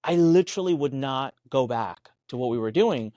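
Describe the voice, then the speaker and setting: A man's voice: mid-range voice, animated, moderate pace, warm tone, dry recording. A man co-hosting a business podcast, telling stories emphatically, acting out quoted dialogue and swearing casually. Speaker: podcast co-host. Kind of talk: animated business podcast chat.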